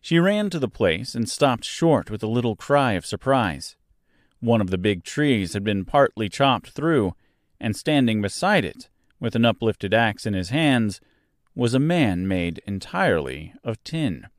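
A man narrating a children's storybook aloud as a podcast host, in a slow, expressive storytelling manner. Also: fairly low pitch, dry recording, studio quality.

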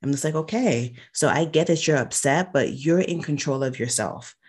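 A woman's voice: low voice, normal speed, darkish tone, breathy edge. A woman in her thirties, a podcast guest, speaking in an earnest, reflective way with frequent restarts. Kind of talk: casual conversation.

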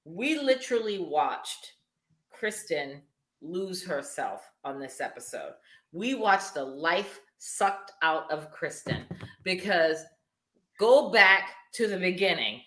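A woman co-hosting a casual reality-TV recap podcast, blunt and profane, ranting in animated bursts. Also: on the low side, slow pace, reverberant. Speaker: podcast co-host.

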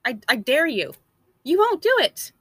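A woman's voice: high-pitched, sing-song, a little slow, fairly bright tone, dry recording. A woman delivering a blunt, emphatic opinion monologue.

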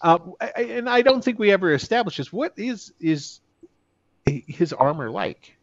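A man's voice: sits high, normal speed, creaky, no echo, lo-fi sound. A man running a tabletop game as game master, casually narrating and acting out the guards. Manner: animated, swearing, acts out orc guards.

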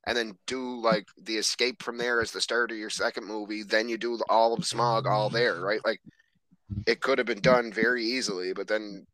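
A man's voice: fairly low pitch, steady tone, normal speed, pushed and bright. A man on a podcast ranting in casual chat, swearing a lot. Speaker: podcast co-host.

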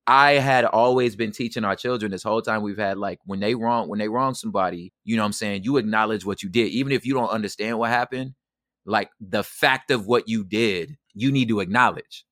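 Middle-aged guy on a podcast, slangy, bright forceful voice, dry sound, acts out every line. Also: on the low side, brisk, no echo. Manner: animated, slangy, acts out quotes. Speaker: podcast guest. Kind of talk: casual storytelling.

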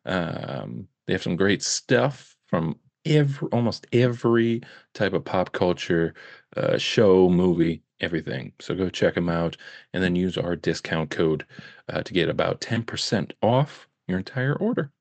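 A man co-hosting a casual podcast chat, dropping joking deadpan asides. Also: on the low side, no room sound. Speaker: co-host.

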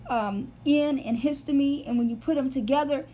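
A woman's voice: sits high, moderate pace, dark tone. A woman giving an earnest Bible teaching, explaining word meanings step by step and repeating phrases for emphasis.

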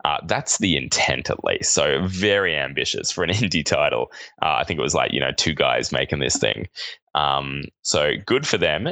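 A man's voice: very deep voice, lively intonation, normal speed, gravelly, bright, forceful tone, no room sound. A man in his thirties with an Australian accent, co-hosting a casual podcast chat and rambling with lots of hesitations. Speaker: podcast co-host.

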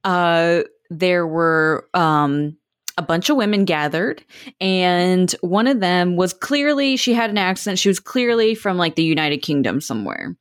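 A woman's voice: on the low side, expressive, a little slow, dry recording, clean studio sound. A woman co-hosting a casual chat, telling a story animatedly and asking the others what they think. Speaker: podcast co-host.

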